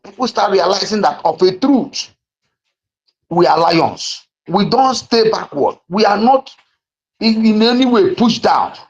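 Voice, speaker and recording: Man, fairly high voice, declamatory live-space speech, fillers and restarts, muffled lo-fi line. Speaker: speaker on a live audio space. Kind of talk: impassioned speech to an online audience. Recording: muffled lo-fi online audio.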